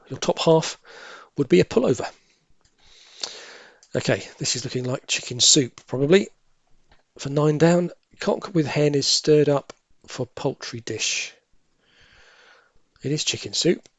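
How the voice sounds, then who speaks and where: A man thinking aloud as he works through cryptic crossword clues, musing and correcting himself, with quiet half-muttered asides. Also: mid-range voice, dry recording. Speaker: crossword solving tutor.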